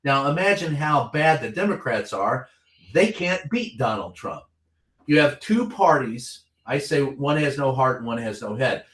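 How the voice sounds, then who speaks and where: A man's voice: mid-range voice, expressive, measured pace, a bit bright, echoey room. A veteran reporter, a man, talking politics bluntly and heatedly, swearing freely as he tells stories. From Kentucky. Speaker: veteran White House reporter, guest. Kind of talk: impassioned political talk.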